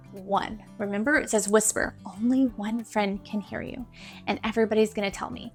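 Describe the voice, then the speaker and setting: Speaking a little fast in a mid-range voice, a young adult woman who teaches shares classroom tips casually on camera. Her delivery is chatty and encouraging, and she repeats things to stress them over faint background music.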